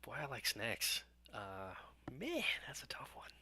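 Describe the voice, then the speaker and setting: A man's voice: mid-range voice, wildly swooping pitch, measured pace, pushed and bright, slight background noise. A young man hosting a live stream, chatting casually with viewers in a rambling, self-joking way.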